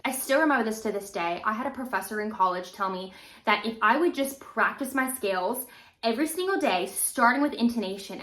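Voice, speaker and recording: A woman's voice: on the high side, a bit bright. A young adult woman teaching violin in a casual, encouraging way. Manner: casual, encouraging, demonstrates while talking. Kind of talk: instructional video talk. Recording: roomy echo.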